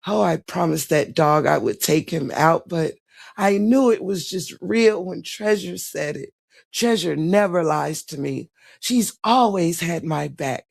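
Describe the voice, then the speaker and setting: Slow, gravelly-voiced woman streamer. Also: lowish voice, expressive. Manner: gushing, theatrical, giggly; mock-dramatic diary recital. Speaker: live streamer. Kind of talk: casual live-stream chat.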